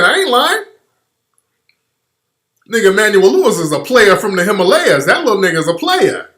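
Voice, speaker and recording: Animated, profane storytelling man. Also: high voice. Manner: loud, profane, animated riffing. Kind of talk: comedic storytelling on a podcast. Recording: roomy studio echo.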